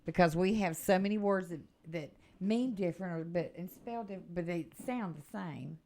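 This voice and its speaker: A woman's voice: on the low side, normal speed, a little mellow. A woman co-hosting a community TV show, chatting in a rambling way and losing her train of thought. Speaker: TV co-host. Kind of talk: casual chat.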